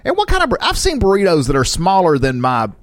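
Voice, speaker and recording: A man's voice: high-pitched, huge pitch swings, fast talker, no room sound. A young man co-hosting a casual podcast, reading news stories and chatting, laughing easily. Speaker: podcast co-host.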